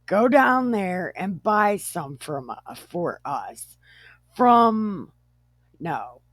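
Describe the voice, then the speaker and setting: A woman's voice: mid-range voice, very animated, very slow, fairly bright tone, dry recording, full character voice. A woman voicing a blunt, crude old father who speaks in profane modern slang, in a comic Bible retelling. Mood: impatient.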